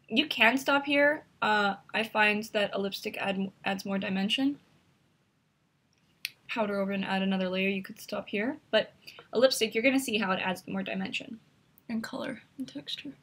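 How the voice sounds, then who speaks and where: A woman's voice: mid-range voice, moderate pace, a bit bright, breathy edge. A woman hosting a makeup tutorial, chatty and instructive as she talks through each step while demonstrating.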